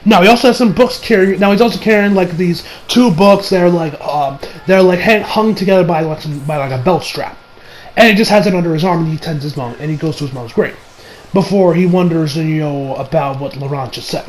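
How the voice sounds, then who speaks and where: A man's voice: fairly high pitch, fairly quick, rough recording. An American man, a young adult, recapping an anime episode in a rambling, profane, casual way, with many fillers and restarts. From United States. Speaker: anime reviewer.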